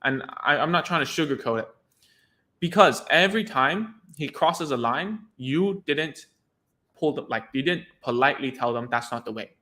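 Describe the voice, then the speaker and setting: A man's voice: a little high, lively intonation, moderate pace, pushed and bright. A man, a speech therapist, explaining in a chatty, informal way, often restarting and repeating words. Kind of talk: casual teaching talk to camera.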